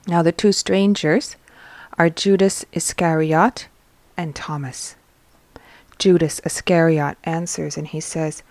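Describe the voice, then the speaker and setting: A woman's voice: low voice, fairly even intonation, takes it slowly, a little mellow, no room sound. A woman hosting a religious teaching episode, reading a book aloud and stopping to explain what it means in an earnest tone. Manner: earnest, explains as she reads. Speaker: host and reader.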